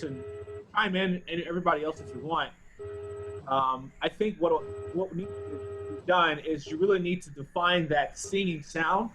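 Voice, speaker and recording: High-voiced man teaching a bass class. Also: low-quality recording. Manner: thoughtful, restarts phrases while searching for words. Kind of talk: teaching a group music class.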